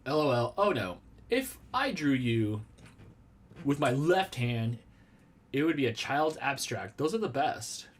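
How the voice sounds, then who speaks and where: A man chats on a live stream from a small room at home. His voice sits at an ordinary middle pitch. He rambles playfully, answers his viewers and makes jokes about himself. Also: big pitch swings, a little slow, slight background noise. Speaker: vlogger hosting a live stream. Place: small room at home with a red wall and lava lamps.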